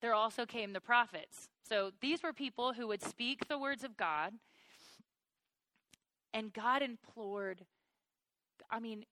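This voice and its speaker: A woman with a fairly high voice teaches through the Bible slowly, with long pauses, earnest and personal, calling listeners "you guys." Choked up with emotion, she builds toward excited wonder.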